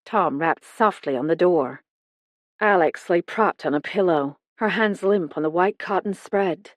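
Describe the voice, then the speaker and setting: A woman's voice: fairly low pitch, measured pace, dry recording. Woman reading a cozy mystery, dry sound. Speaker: audiobook narrator. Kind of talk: first-person audiobook narration.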